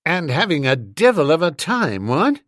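A man voicing an excitable young upper-class gentleman who talks in an eager, exclamatory way. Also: fairly high pitch, moderate pace, no echo, clean studio sound. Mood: excited.

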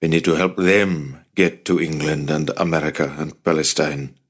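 Male narrator doing a calm, stern uncle, deep and firm, no fuss. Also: normal speed, slightly rough. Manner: calm, firm, low-key. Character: middle-aged man, stern resistance leader.

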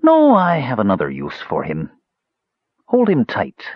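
A man voicing a frail young male mage who talks in a soft, whispering, cool way. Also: medium pitch, huge pitch swings, unhurried, no echo, dull audio. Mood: cold.

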